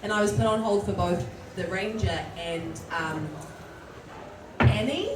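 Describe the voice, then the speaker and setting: A woman, an actor telling a story on a convention panel. Her talk is chatty and animated. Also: on the low side, normal speed. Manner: chatty, apologetic, animated when retelling. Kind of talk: casual storytelling on stage. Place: large convention hall. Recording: echoey hall from far off, crowd noise. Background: audience crowd.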